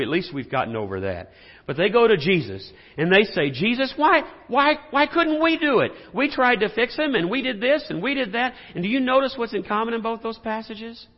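A man preaching a sermon and explaining scripture, talking in a lively way and asking the congregation rhetorical questions. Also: mid-range voice. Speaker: pastor. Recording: dull sound in a reverberant hall.

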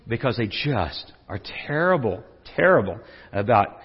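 A man's voice: mid-range voice, animated, moderate pace, slightly rough. A middle-aged man preaching a humorous sermon, telling stories with jokes and frequent restarts. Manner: joking, storytelling, frequent restarts. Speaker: pastor. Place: church sanctuary. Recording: dull lo-fi recording with long hall reverb.

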